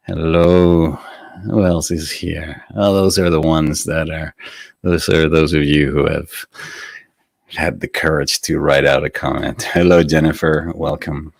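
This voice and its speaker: A man hosting a weekly live meditation broadcast, chatting gently with viewers and laughing softly. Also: a bass voice, gravelly, no room sound. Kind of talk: casual live-stream chat greeting viewers.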